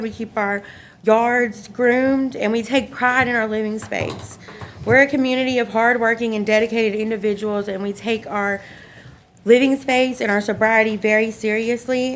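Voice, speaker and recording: A woman reading a prepared statement at a public meeting in a steady, earnest way. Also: fairly high pitch, slight background noise. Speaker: public commenter, recovery home resident.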